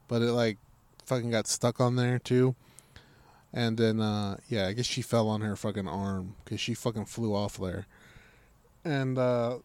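A smooth, medium-pitched male voice with no room sound carries a casual story full of swearing. He animates it by acting out exactly what people said.

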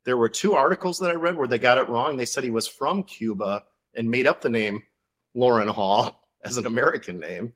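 A male author appears as a podcast guest, telling a story animatedly in a casual interview and using many fillers. He speaks a little fast at a medium pitch.

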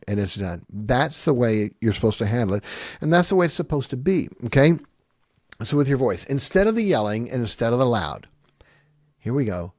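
A man's voice: medium pitch, very animated, moderate pace, darkish tone, dry recording, clean studio sound. A middle-aged man teaching parents in a conversational way, acting out lines of parents and kids and laughing often.

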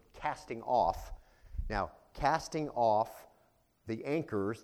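A male pastor preaching a teaching sermon, often asking rhetorical questions and turning higher and louder when he voices quoted prayers. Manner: rises in pitch for quoted prayers.

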